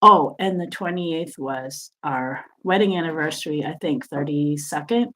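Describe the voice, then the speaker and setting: Low-voiced woman in her fifties, talks real slow and halting, sighs a lot, video call audio. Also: a little hiss or hum, low-quality recording. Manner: hesitant, halting with sighs and soft laughs. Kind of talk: casual chat.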